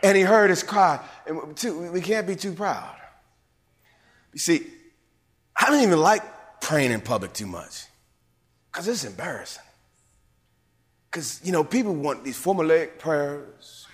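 Animated preacher guy, highish voice, big echoey church hall, goes from whispers to shouting. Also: unhurried, long pauses. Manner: emphatic preaching, rising to shouts and dropping to whispers. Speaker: bishop and pastor. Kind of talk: sermon. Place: church sanctuary.

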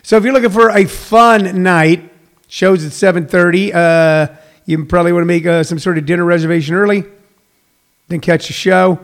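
A man's voice: sits high, steady tone, normal speed. Rambling comedy podcast host, man. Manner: rambling, self-correcting, lots of uh fillers. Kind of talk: casual solo radio-style show.

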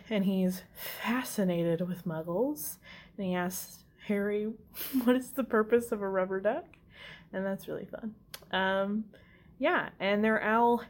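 A woman casually recapping a movie, swearing freely and laughing at her own asides. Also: medium pitch. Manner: casual, profane, giggly asides.

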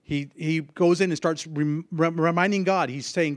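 A man giving an informal sermon, earnest and halting, with many restarts. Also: a little high, no room sound, clean studio sound. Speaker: lay preacher.

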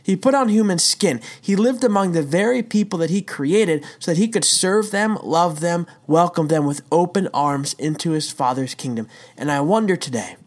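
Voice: mid-range voice, animated, normal speed, hardly any pauses. Emphatic conversational devotional speaker. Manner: emphatic storytelling with rhetorical questions; conversational, says "dude" and "right?". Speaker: devotional teacher. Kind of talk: casual devotional talk.

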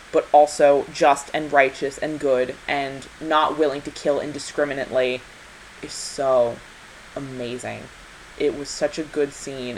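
Brief: deep-pitched woman co-host, emphatic, heartfelt casual review talk. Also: a little hiss or hum, poor audio. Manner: passionate, emphatic, repeats for stress. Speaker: podcast co-host. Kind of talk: casual film review chat.

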